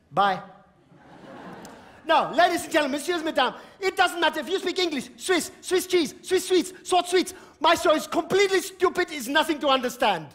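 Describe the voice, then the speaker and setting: A man doing manic stand-up on stage, shouting, stammering and cackling as he mixes broken French into his English. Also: very high-pitched. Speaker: stand-up comedian. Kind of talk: manic clowning stage comedy. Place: theater stage before a live audience. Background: audience laughter.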